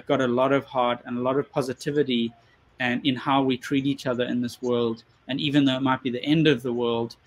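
A man answering an interview question, earnest and a bit hesitant. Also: mid-range voice.

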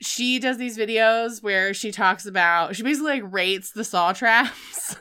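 A woman hosting a casual chat, telling a story with animated energy and bursts of acted-out shouting. Her voice is very bright and exceptionally clear. She talks loosely, with fillers and quick asides. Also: medium pitch. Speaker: podcast host recapping films.

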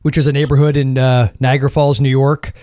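A man's voice: mid-range voice, flat delivery, brisk, dark tone, dry recording. Man, from Oregon, podcast co-host, confident, teasing, dry close sound. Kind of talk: casual film discussion.

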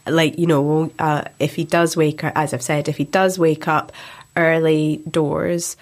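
A woman's voice: sits low, little pitch movement, normal speed. A woman, hosting a podcast in a chatty, self-deprecating way. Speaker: podcast host. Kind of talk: casual podcast chat.

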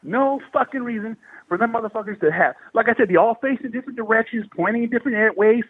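This Bay Area man, in his thirties, is swearing heavily and speaking in lively slang as he recounts a paranormal tale. His pitch is extremely high, his pace quick, and his voice husky. It sounds like a phone recording with no room sound.

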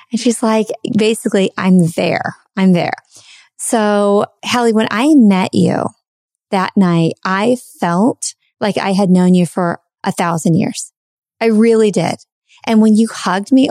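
A woman's voice: mid-range voice, measured pace, darkish tone, no echo, studio quality. A woman podcast host in casual conversation, telling a heartfelt personal story in a chatty way, full of fillers.

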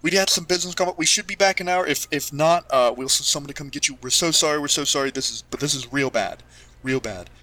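A man voicing a flustered, frantic parent who talks in a high, rushed voice. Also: pushed and bright.

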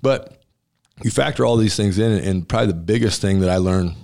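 A man with a fairly low, creaky, darkish voice talks fairly quickly. He owns a restaurant and used to play college football at center, and in a casual interview he tells stories bluntly and emphatically, acting out the dialogue.

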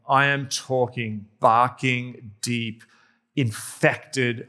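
A man's voice: medium pitch, fairly bright tone. A male pastor delivering a sermon as humorous, self-deprecating anecdotal storytelling.

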